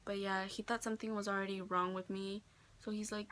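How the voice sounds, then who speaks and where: A woman's voice: medium pitch, little pitch movement, brisk, fairly bright tone, slight background noise. A teenage girl telling a personal story in a casual vlog, chatty and full of "like", quoting others in her own voice. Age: teens. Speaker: vlogger. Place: friend's bedroom.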